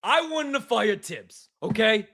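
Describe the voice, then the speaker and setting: A man's voice: high voice, animated, a little slow, heavily acted. A man doing a screaming New York sports caller. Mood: indignant. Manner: shouting, profane ranting. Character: loud angry male New York sports radio caller.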